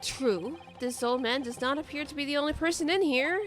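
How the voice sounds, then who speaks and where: A woman's voice: high-pitched, a little fast, faint music behind. A young woman streaming a game playthrough, reading the dialogue aloud and breaking off for sarcastic, swearing asides. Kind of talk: game playthrough with commentary, reading all roles.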